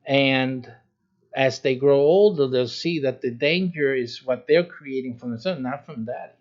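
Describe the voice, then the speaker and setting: A man's voice: medium pitch, measured pace. Man preaching over dull lo-fi audio. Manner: informal and demonstrative, acting out stern warnings with chuckles. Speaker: pastor. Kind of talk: sermon teaching.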